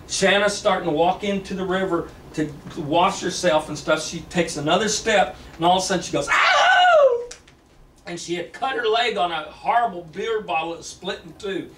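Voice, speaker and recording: A man's voice: high voice, a bit bright. A man telling a long story in a rambling way, with many repeats and restarts. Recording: echoey room, distant mic, faint hiss.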